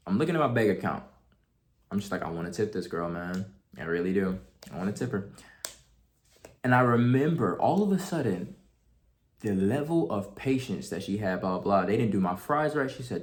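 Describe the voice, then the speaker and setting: A young vlogger tells a story to camera in a casual, slangy, animated way, acting out what people said. His voice is lowish and he talks at a normal speed.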